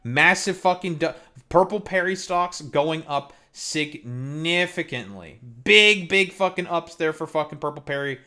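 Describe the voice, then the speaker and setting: A man's voice: on the high side, animated, unhurried, bright, forceful tone. A man hosting a live stream, ranting heatedly and mockingly as he reacts to a clip, swearing constantly. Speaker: streamer host.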